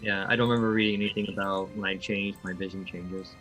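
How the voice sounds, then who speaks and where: A man with a lowish voice is playing in a tabletop session over a stream. He chats casually, cracking jokes about his moves. Faint music sits in the background. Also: level tone, quick pace, fairly bright tone. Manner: joking, laid-back. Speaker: player. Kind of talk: casual game chat.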